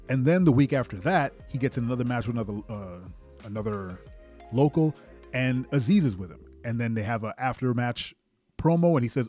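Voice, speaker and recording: A man hosts a casual wrestling talk show with a mellow, relaxed tone at a mid pitch. He rambles and thinks aloud, circling his points with plenty of "like"s, while faint music plays underneath. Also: fairly quick. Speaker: wrestling podcast host. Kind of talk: casual commentary monologue.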